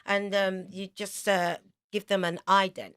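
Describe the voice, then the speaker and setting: A woman in her fifties from South London with a London accent, a singer chatting as a radio interview guest and telling lively stories with quick asides. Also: mid-range voice, clean tone. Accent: London English. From South London, England.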